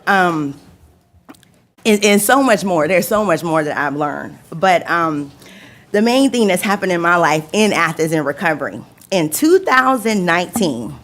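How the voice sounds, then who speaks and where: Slow-talking woman, emotional. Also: lowish voice, lively intonation. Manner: emotional, laughing between words, repeating phrases. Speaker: public commenter, recovery home resident. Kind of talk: personal testimony at a public meeting.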